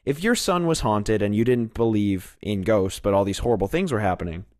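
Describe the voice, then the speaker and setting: A man's voice: on the low side, expressive, fairly quick, a little mellow, dry recording, clean studio sound. A man co-hosting a podcast, talking eagerly about horror films and swearing casually. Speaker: podcast co-host. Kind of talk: casual film discussion.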